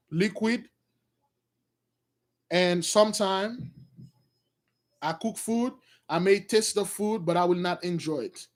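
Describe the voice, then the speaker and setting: A man preaching, retelling a story to his listeners and addressing them as brothers. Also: sits high. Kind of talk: sermon storytelling.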